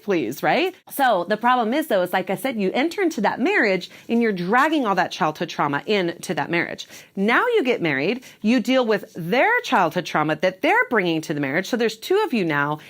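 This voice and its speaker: Woman coach giving divorce advice on camera, really expressive voice, leans on "okay? right?" a lot. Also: mid-range voice. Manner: emphatic, checks in with "okay?" and "right?". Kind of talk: direct-to-camera advice talk.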